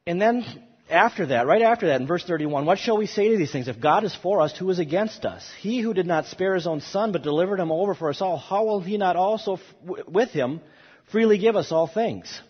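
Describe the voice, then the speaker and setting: A man's voice: sits high, expressive, fairly quick, husky. Emphatic man teaching scripture, echoey hall. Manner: emphatic, rising on quoted scripture, with restarts. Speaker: Bible teacher. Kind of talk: classroom Bible lecture. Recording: dull audio in a long-echo hall.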